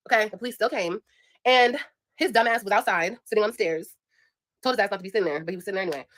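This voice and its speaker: Fast, bright-voiced young woman vlogger. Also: fairly high pitch. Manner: blunt, profane, emphatic, addresses viewers directly. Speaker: vlogger telling a story. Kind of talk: casual storytime monologue.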